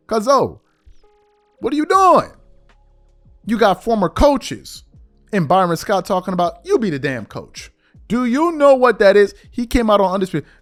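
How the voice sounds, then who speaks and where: A man hosting a sports commentary show, ranting in an animated, mocking way that swings between low mutters and loud outbursts.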